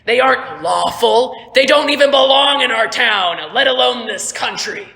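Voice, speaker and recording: A young woman voicing a thick-headed, bigoted male militia captain in a tabletop game, shouting threats and insults. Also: very high-pitched, lively intonation, moderate pace, creaky, voice pushed up, full character voice. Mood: menacing. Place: school room. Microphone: phone. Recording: echoey room, phone mic.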